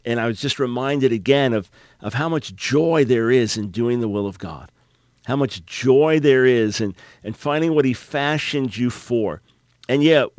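A man's voice: mid-range voice, no room sound. Upbeat man in his fifties hosting radio. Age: 50s. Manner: earnest, upbeat, repeats words when restarting. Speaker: radio talk show host. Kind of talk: call-in radio talk. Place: dry radio studio. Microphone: studio microphone.

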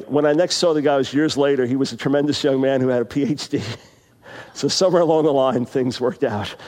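A man around sixty preaching a sermon, telling stories and then reading scripture slowly with heavy emphasis. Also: medium pitch, a little mellow. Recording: long reverb of a large hall.

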